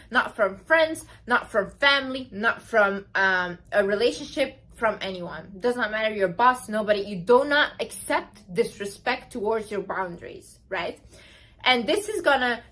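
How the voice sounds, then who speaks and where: A young woman talks straight to her viewers about confidence in a casual, emphatic way, peppering her advice with fillers. Her voice sits a little high for a woman. She sounds chatty and insistent. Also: fairly bright tone. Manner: emphatic, chatty, full of "like" and "literally". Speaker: vlogger giving confidence advice. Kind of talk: casual advice talk to camera.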